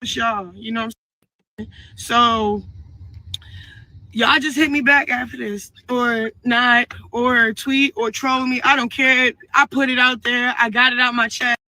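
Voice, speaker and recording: A woman's voice: on the high side, fairly even intonation, a little slow, sharp tone, dry recording, low-quality recording. A woman speaking on a livestream, rambling and earnest as she apologizes and talks about her son. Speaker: mother speaking in a livestream clip. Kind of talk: emotional livestream talk.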